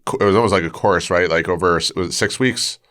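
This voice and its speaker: Deep smooth-voiced male podcast host. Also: fast, a bit bright. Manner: restarts often, thinks aloud while asking. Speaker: podcast host, martial arts instructor. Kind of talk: conversational podcast interview.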